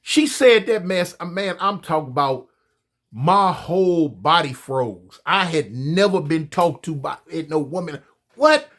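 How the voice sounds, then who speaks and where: Animated man telling a story. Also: on the high side, unhurried. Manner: animated, profane, stammering repeats. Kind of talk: casual storytelling.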